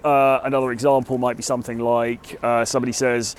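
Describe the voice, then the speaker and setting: Speaking quickly in a medium voice with little change in pitch, a British man gives laid-back dating tips to the camera on a city street. He coaches in a conversational way, leaning heavily on "sort of" and "kind of."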